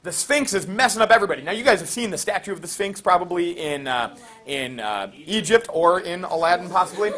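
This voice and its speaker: High-voiced teacher telling a myth. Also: male voice. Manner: animated, jokey, slangy, many fillers. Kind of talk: classroom storytelling lecture. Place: classroom with students.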